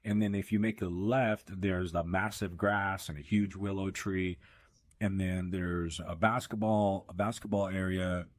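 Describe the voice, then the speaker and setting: A man's voice: deep voice, level tone, unhurried, no room sound. A man hosting a podcast, telling a casual, profane, self-deprecating story. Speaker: podcast host.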